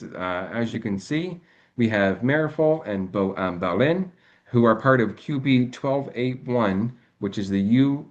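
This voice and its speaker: A man hosting a podcast interview, introducing guests in a friendly, halting way with many fillers. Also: medium pitch, muffled recording. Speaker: podcast host.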